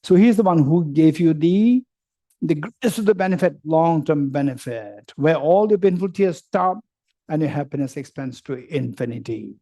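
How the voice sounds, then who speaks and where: A man's voice: a little high, lively intonation, moderate pace, mellow. A man giving a Buddhist teaching to a retreat group, playfully telling stories and acting out the dialogue as he checks that listeners follow. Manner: playful storyteller who acts out everyday dialogue; repeats points and checks understanding with the audience.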